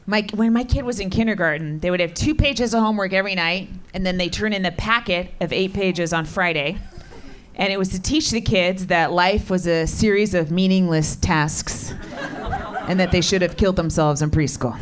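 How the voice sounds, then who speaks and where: A middle-aged woman performing stand-up comedy on a club stage, with deadpan, brash, swearing punchlines. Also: lowish voice, moderate pace. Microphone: handheld stage mic. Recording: live club recording with loud crowd. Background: audience laughter.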